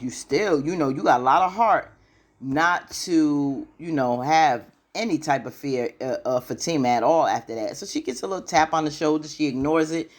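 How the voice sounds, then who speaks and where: A TV recap vlogger walks through an episode in a casual recap, as if gossiping with a friend, slangy and loose with plenty of "you know." She tells the story with lively energy and keeps slipping into little character voices. Her voice is low and her pace moderate.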